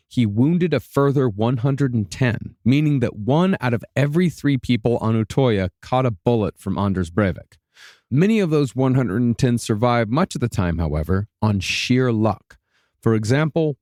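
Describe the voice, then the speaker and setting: A man hosts a podcast and tells the story in a steady, matter-of-fact narrating voice. His pitch sits in the middle of the male range. The studio sound is close and dry. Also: no echo. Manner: steady, matter-of-fact recounting with dark asides. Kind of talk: storytelling true-crime narration.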